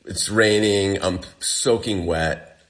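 A man's voice: sits low, slow. A man being interviewed, recounting a survival ordeal in casual storytelling, acting out what people said. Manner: animated, acts out quoted dialogue. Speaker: guest telling a survival story.

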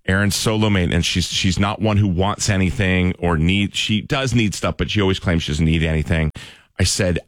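A man's voice: sits low, a little fast, dry recording, clean studio sound. A man in his thirties, a radio show host, telling an earnest, self-mocking family story in casual chat.

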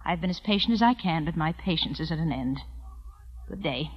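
An actress playing a dignified widow who speaks in a cool, formal and firm manner. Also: female voice, sits low, expressive, a little fast, breathy edge, dull audio. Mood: indignant. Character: proud dignified young widow, ranch owner.

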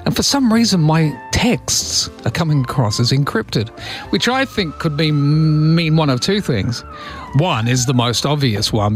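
A man's voice: medium pitch, no echo, studio quality. A man hosting a morning radio show, chatting in a wry, rambling way with asides. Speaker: radio host. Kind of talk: casual morning radio chat.

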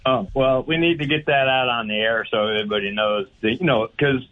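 Over a tinny phone line, a male caller to a radio show tells a jokey anecdote in a brisk, mid-range voice, hesitating often.

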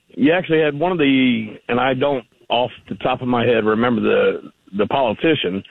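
Gravelly male caller on a tinny phone line. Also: medium pitch, dry recording. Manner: persistent, argumentative, loose rambling phrasing. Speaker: radio show caller. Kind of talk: phone-in radio conversation. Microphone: telephone.

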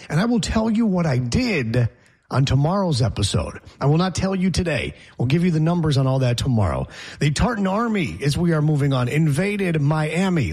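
A brash male sports talk host who rambles from point to point and throws in jokes. His voice sits a little high for a man and has a husky edge. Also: a little mellow.

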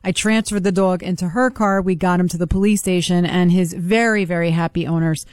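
Fast-talking excited woman telling a story. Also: no echo, studio quality. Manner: fast, excited, acts out quotes with big pitch jumps. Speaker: guest storyteller. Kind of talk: casual anecdote telling.

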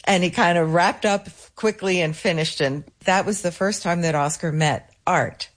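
A woman being interviewed about a musician's legacy, telling stories in a lively way and acting out the voices of people she quotes. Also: lowish voice, moderate pace. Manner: lively storyteller who acts out quoted voices. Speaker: guest, keeper of a late pianist's legacy. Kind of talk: conversational interview answers.

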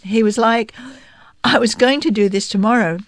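A woman reading news stories aloud in a steady, plain manner. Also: fairly high pitch, moderate pace, dry recording, clean studio sound. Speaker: news reader.

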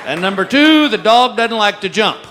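High-voiced comic before a big crowd. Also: male voice, expressive, normal speed. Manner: self-mocking storyteller, laughing at his own jokes. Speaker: stand-up comedian. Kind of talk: stand-up comedy routine. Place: large venue with a live audience. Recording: live crowd noise, loud ambience.

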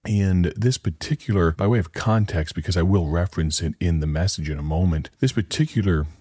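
A man with a very deep, dark voice sets up a sermon for his radio audience. He talks earnestly and plainly, telling a story with a husky grain. The sound is close and dry. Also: brisk, no echo. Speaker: radio preacher. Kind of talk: broadcast sermon introduction.

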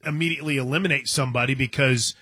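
A man's voice: mid-range voice, very fast, bright, forceful tone, slightly rough, dry recording. A man hosting a sports radio show, talking casually and reading listener messages from a studio microphone. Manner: rambling, reads listener messages.

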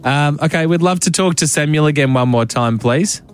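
Australian male radio host, light higher voice, teasing banter, soft music under. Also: normal speed. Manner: easygoing, teasing, laughs often.

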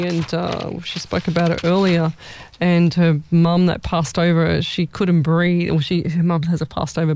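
Chatty woman, warm smooth voice. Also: lowish voice, no echo. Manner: chatty and rambling, repeats words. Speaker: psychic medium host. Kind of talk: live-stream readings for viewers.

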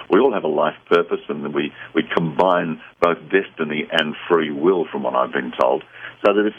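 A low, husky man gives earnest, reassuring advice on a call-in show. His voice comes over a thin, phone-like line. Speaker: psychic guest. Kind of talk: radio call-in chat.

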